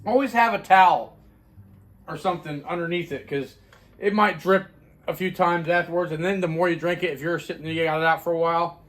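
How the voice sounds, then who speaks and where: A man's voice: fairly high pitch, a little fast, a bit bright. A man reviewing his own homebrewed beer in a casual chatty video, rambling with fillers and restarts.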